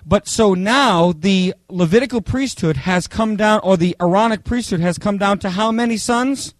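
A man preaching a Bible study, telling humorous personal stories in a chatty, animated way, often checking in with "okay?". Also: sits high, moderate pace, no echo. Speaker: pastor teaching a Bible study.

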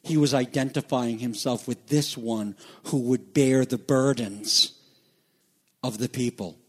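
A man preaching a sermon, with dramatic swings from loud declarations to hushed, quiet lines. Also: mid-range voice, fairly even intonation, a little slow. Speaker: pastor. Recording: echoey hall reverb.

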